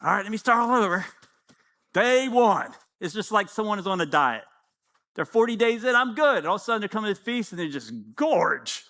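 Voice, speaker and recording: Fifty-something guy preaching, really high bright voice, acts out the back-and-forth with god. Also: brisk. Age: 50s. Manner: animated preaching, acting out prayers and dialogues. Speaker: pastor. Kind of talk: sermon.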